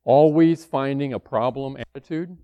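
A man's voice: medium pitch, normal speed, no echo, narrow, tinny audio. A man preaching a sermon in a conversational way, acting out the worried voices of church members.

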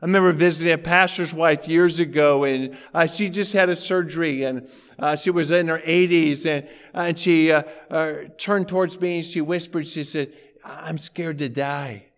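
A man's voice: a little high, steady tone, normal speed, smooth, big-room sound. A male pastor preaching a sermon in a church auditorium, talking in a conversational way and telling anecdotes.

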